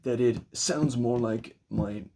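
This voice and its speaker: German guy, slightly husky, mid pitch, kinda rambly vlog talk. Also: slow, warm tone. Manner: thoughtful, rambling with restarts. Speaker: vlogger. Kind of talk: casual spoken essay.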